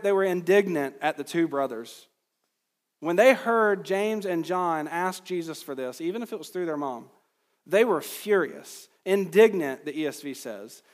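With lively intonation at a normal speed, a pastor preaches an expository sermon in an earnest, emphatic manner. His somewhat high voice rises at stressed points, and the hall adds a long reverb.

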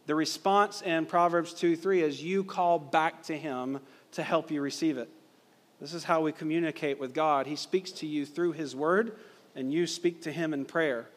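A man preaching from the pulpit in a voice a touch higher than most men's. He is emphatic and builds intensity with rhetorical questions. His words trail off into the long reverb of a large hall. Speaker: pastor. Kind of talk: sermon.

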